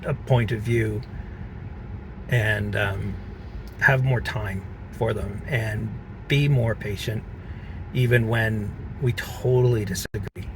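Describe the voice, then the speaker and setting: Earnest gravelly man vlogging. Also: fairly low pitch, steady tone, background noise. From Canada. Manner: earnest, halting, with many fillers. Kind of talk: reflective personal vlog.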